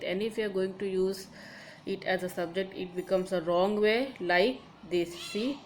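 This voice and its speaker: A woman teacher, slowly explaining grammar to schoolchildren and repeating each example. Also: mid-range voice, slight background noise, rough recording. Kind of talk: recorded online grammar lesson.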